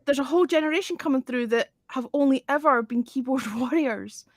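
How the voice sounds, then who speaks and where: A woman. Her talk is blunt and full of swearing. Her voice sits fairly high, and the sound is dry and close. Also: fairly quick, dry recording. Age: 40s. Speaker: host. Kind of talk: casual chat.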